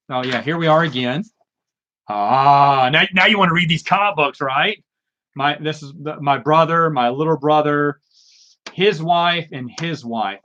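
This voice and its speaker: A man's voice: medium pitch, a bit bright, lo-fi sound, a little hiss or hum. A man hosting a live Q&A, chatting casually and rambling with lots of fillers, restarts and self-mocking asides. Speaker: live Q&A host. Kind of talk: casual live stream chat.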